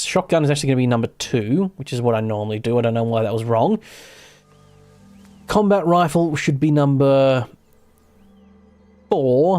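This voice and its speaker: A mid-range voice with a darkish, clear and resonant tone belongs to an Australian man streaming a game live. He chats casually, rambles, corrects himself and swears once in a while.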